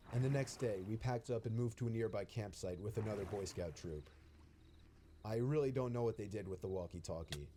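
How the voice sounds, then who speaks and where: A man reading a scripted first-person horror story in a steady, even storytelling manner. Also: mid-range voice, slight background noise.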